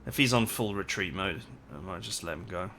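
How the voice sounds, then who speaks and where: A man's voice: deep voice, lively intonation, fairly quick, noisy background. A man casually commenting on his own strategy game as he plays, reacting aloud to each turn. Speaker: gaming commentator. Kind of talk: let's play commentary.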